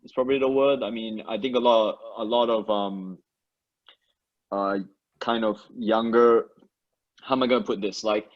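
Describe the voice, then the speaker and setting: A man guest comedian in a casual interview chat, relaxed and hesitant, laughing often. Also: fairly low pitch, normal speed, pauses often. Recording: dull lo-fi sound.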